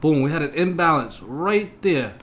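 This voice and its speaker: A man's voice: on the high side, expressive, normal speed, fairly bright tone. A man giving a casual stock chart analysis, talking straight to his viewers in an emphatic, punchy way. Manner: punchy, with exclamations. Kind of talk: casual market analysis talk.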